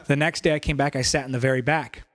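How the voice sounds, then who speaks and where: A young man preaching a sermon, telling stories in an animated, conversational way. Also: medium pitch, quick pace. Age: young adult. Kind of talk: sermon storytelling.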